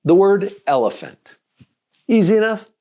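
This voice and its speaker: A man working as a life coach, giving a motivational teaching talk with an animated manner, asking rhetorical questions and acting out dialogue. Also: sits high, unhurried. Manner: animated, acts out dialogue in different voices; asks the listener rhetorical questions.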